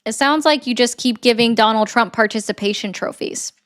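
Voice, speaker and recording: A woman's voice: a little high, brisk, fairly bright tone. An American woman debating politics, blunt and sarcastic, lecturing her opponent. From United States. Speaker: political commentator. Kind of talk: heated debate.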